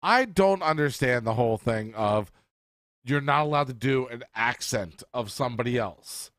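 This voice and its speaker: A man's voice: mid-range voice, lively intonation, fairly bright tone, no room sound. A man co-hosting a podcast in casual chat, arguing his points and swearing as he rants. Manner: argumentative, swearing, rapid rants. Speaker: podcast co-host.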